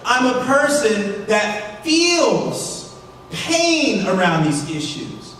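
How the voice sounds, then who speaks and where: A man with a very high voice delivers a fervent speech to a college audience and shouts to drive his points home. He stands well back from the microphone in a large auditorium with a long reverb and a faint hum. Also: very animated, very slow. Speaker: keynote speaker. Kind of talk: impassioned convocation speech. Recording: echoey hall, speaker far from mic, faint hum.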